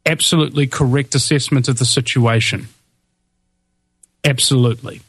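A man's voice: medium pitch, moderate pace, no echo. A man hosting a talk radio show, fervent and rallying, with frequent hesitations and restarts. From New Zealand. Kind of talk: impassioned talk radio commentary.

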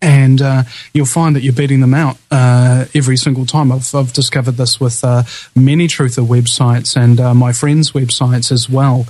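A man's voice: mid-range voice, level tone, normal speed, a little mellow, poor audio. Kiwi-accented male talk radio host. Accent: New Zealand. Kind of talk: live talk radio chat.

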